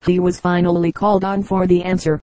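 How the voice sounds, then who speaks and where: A fairly low-pitched woman reads a book of humorous anecdotes as an audiobook narrator, keeping her storytelling measured and even. The audio is poor, with no room sound.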